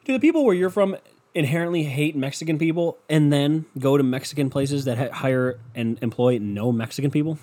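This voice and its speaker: A man's voice: on the high side, fairly quick, warm tone. A man of twenty-two rambling alone to listeners in a casual, sarcastic and profane monologue, mocking himself. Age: 20s. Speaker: solo podcaster.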